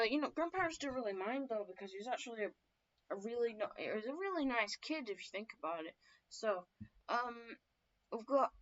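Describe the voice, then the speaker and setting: On a dull lo-fi recording, a young woman with a slightly high, somewhat bright voice casually shares her own story lore. She swears often and rambles, stumbling over fillers and correcting herself again and again.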